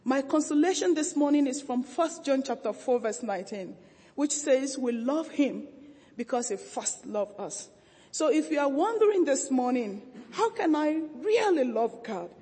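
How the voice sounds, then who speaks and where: A woman reverend giving a gentle, measured devotional sermon. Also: high-pitched, expressive. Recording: reverberant church hall.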